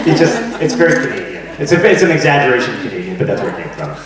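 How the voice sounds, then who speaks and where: A man being interviewed as an actor, chatting casually and telling animated stories with frequent laughs and restarts. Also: mid-range voice, fast talker, a crowd in the background. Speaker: actor and guest. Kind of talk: casual chat. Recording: echoey room, distant mic.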